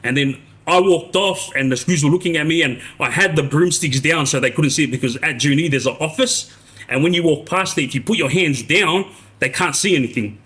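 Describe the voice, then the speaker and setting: A man's voice: fairly high pitch, a little fast, fairly bright tone. A man tells a long story on a casual live stream, restarting sentences and tagging them with "yeah?". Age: 40s. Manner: rambling, restarts, frequent tag "yeah?". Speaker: live streamer recounting prison life.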